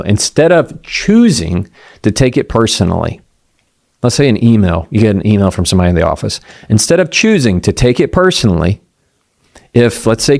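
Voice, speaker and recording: Man coaching with slow emphasis. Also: lowish voice, a little mellow. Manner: conversational, acts out quoted voices, slows down for emphasis. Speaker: communication coach. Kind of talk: motivational talk.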